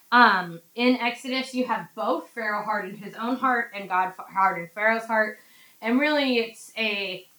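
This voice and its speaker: A woman teaching a casual Bible study, chatty and animated, acting out quotes from the text. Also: fairly high pitch, reverberant, poor audio.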